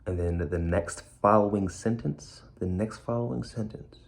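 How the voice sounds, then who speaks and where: Gravelly, low-voiced man talking bluntly. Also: moderate pace. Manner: blunt, streetwise, repeats key phrases. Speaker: speaker sharing his story. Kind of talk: candid personal talk. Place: indoors, a room in a borrowed house.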